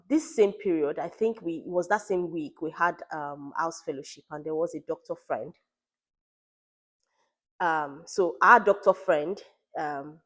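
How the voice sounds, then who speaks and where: A woman in her thirties telling her family's story in a conversational vlog, retelling what others said, with frequent fillers. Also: low voice. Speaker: parent vlogger. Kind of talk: personal storytelling.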